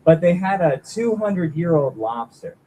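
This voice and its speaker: A man's voice: on the high side, sing-song, moderate pace, dark tone, slight background noise, low-quality recording. A young man doing a rambling, self-deprecating stand-up set at a small open mic, chatting with the crowd. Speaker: stand-up comic.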